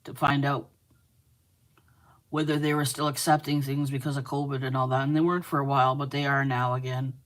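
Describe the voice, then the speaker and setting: A woman's voice: very deep voice, level tone, brisk. A woman hosting a casual crochet livestream, chatting with viewers as she works and counting stitches aloud. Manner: chatty, responds to viewer comments.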